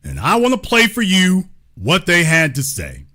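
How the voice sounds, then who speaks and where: A man's voice: sits high, huge pitch swings, a little slow, sharp tone. A man hosting a political commentary show, speaking in a grandiose, sarcastic, preacher-like manner. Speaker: host.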